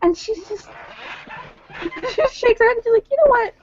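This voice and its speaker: A woman casually narrating her character in a role-play session, giggly and animated. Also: very high voice, unhurried. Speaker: tabletop role-play player. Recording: dull lo-fi dry recording.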